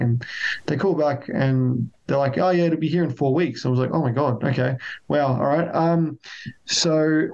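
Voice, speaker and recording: A man's voice: on the high side, gravelly, a little mellow, highs cut off. A man chatting casually as a podcast co-host, rambling with lots of restarts. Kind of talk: casual chat.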